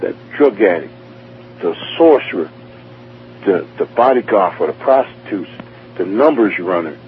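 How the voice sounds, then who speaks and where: Brief: New York man, low voice, rambling church testimony full of acted-out dialogue, tinny phone-like radio sound. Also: animated, unhurried, slight background noise. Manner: rambling, repetitive, acts out dialogue. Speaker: testimony speaker. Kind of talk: personal testimony storytelling.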